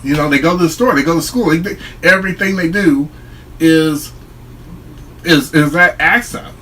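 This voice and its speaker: Man, solo vlog, earnest, reflective, explanatory, slightly higher voice, faint background hiss. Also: normal speed, sharp tone, low-quality recording. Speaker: online commentator.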